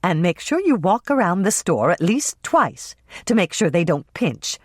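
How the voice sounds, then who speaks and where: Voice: medium pitch, sing-song, a little slow, no room sound. An audiobook narrator voicing Dolores, a proud and bossy mother who talks in a grand, condescending way.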